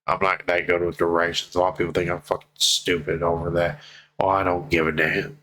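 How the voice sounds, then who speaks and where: Man, very low voice, tearful vlogger, heartfelt and profane, slow earnest emphasis. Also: little pitch movement, sharp tone, rough recording. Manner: heartfelt, swears freely, slow pleading emphasis. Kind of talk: emotional personal vlog.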